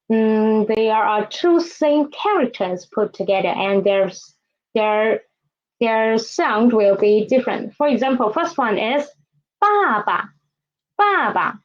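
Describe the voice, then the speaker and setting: A woman's voice: on the high side, highs cut off. A woman with a Mandarin Chinese accent teaching a language lesson, patiently modeling words for students to repeat. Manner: slow, patient, modeling tones for repetition.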